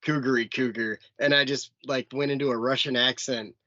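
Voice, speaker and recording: A man's voice: mid-range voice, steady tone, fairly quick, crowd noise. A man co-hosting a podcast in casual chat, loosely telling an anecdote. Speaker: podcast co-host. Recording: dry, dull lo-fi recording.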